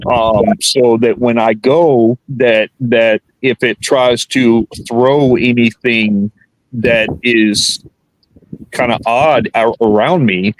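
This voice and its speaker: A man's voice: mid-range voice, fairly even intonation, slow, no echo, poor audio. A man speaking as a guest in a casual interview, earnest and repeating words as he searches for them.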